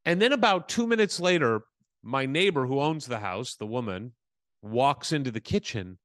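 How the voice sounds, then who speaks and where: Man, podcast co-host, casual storytelling, lively pitch, dry close sound. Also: normal speed, no room sound. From Southern California. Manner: animated, acts out quoted voices.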